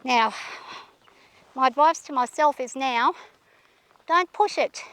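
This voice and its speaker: A woman with a high voice talks while riding outdoors. She is shaky and anxious and keeps talking herself through her nerves. She speaks gently to calm her horse. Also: takes it slowly, no room sound. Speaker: horse rider vlogger.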